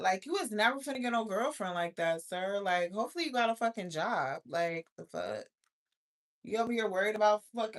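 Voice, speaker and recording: A woman's voice: mid-range voice, fairly bright tone. A woman in her thirties hosting a livestream, ranting bluntly and profanely as she answers viewer comments. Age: 30s. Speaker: livestream host. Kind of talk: casual livestream chat reading viewer comments.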